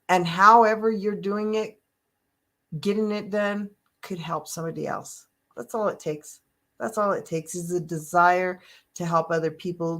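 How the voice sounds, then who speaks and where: An older woman hosting a live motivational talk, telling stories in an animated, emotional way and laughing often. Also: lowish voice. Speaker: host.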